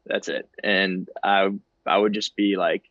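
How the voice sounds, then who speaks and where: Low-voiced easygoing man, muffled. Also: a little slow. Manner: easygoing, relaxed, self-deprecating. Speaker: guest ballplayer. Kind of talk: casual interview chat.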